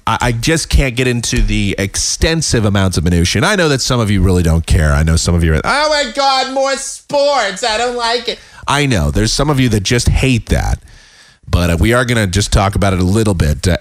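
A man hosting a casual solo podcast, talking in a rambling way with many fillers, his voice a little raspy and tired. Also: on the low side, dry recording, studio quality. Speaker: podcast host. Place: home.

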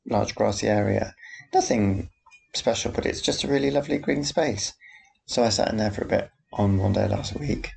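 A man's voice: lowish voice, a little mellow. A man hosting a casual solo podcast, rambling and chatty with a self-deprecating manner. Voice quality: gravelly. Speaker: podcast host. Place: home, background noise heard.

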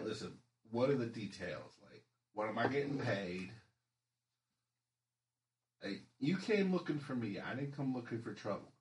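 A man's voice: medium pitch, a bit bright, roomy sound, natural voice, rough recording. A man voicing a brash, flirty male half-orc vigilante who talks in streetwise slang.

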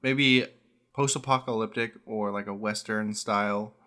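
Male co-host, bright and forceful tone, enthusiastic, lots of fillers. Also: lowish voice, steady tone, measured pace. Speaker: podcast co-host. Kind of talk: casual chat about tabletop games.

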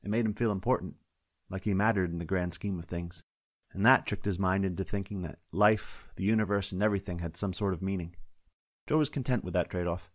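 Deep-voiced man narrating a story. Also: fairly quick, no echo. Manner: steady, wry storytelling. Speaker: author and narrator. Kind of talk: scripted audiobook narration. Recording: dry close-up studio sound.

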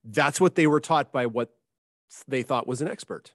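A man who hosts a science podcast speaks as a guest in a casual interview. He sounds measured and thoughtful and sometimes restarts his sentences. His voice is recorded close and dry, with no room echo. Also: medium pitch.

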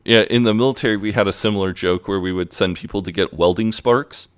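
A man's voice: fairly low pitch, fast, clear, resonant tone, dry recording. A man co-hosting a podcast, retelling a comedy episode in easygoing chat that is loose and full of filler words. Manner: easygoing, loose speech full of "like" and "you know". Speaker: podcast co-host. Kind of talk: casual episode recap and review.

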